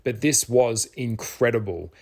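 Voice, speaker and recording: A middle-aged man, telling a personal story in a casual vlog, animated, with some swearing. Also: mid-range voice, a little slow. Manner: animated, swears, acts out his own past shouts. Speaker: spiritual vlogger.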